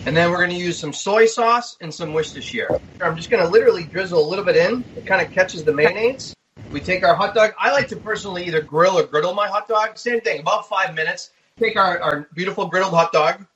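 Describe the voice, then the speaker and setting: Easygoing high-voiced man demonstrating cooking. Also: fast talker, fairly bright tone, muffled recording, a little hiss or hum. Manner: easygoing, step-by-step explaining. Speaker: guest chef.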